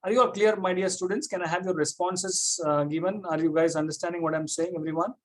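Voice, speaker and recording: Man, classroom lecture, quick delivery, repeats himself, keeps quizzing students. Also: high voice, steady tone. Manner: repetitive, checks students often. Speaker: economics teacher.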